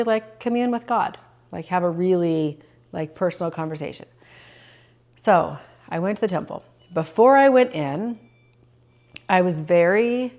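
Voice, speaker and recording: On her personal podcast, a middle-aged woman talks earnestly about her own life in a lowish, slightly mellow voice. She's openly emotional, and her reflective monologue is packed with fillers and restarts.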